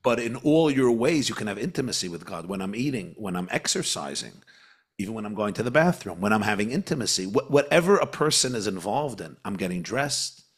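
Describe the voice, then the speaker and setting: A man speaking as a spiritual teacher on a podcast, teaching with animated emphasis and repeating phrases. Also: fairly low pitch, brisk, slightly rough. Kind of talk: podcast conversation.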